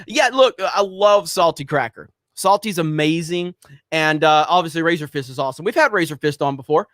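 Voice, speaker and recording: A man's voice: fairly high pitch, brisk, a bit bright, dry recording, studio quality. A man hosting a casual livestream, rambling with lots of fillers as he reads out viewer messages. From United States. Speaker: livestream host reading super chats.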